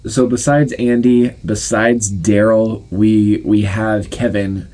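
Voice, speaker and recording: A man's voice: lowish voice, fairly even intonation, takes it slowly, warm tone. A man co-hosting a casual podcast debate, laughing often and rambling with restarts. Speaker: podcast co-host.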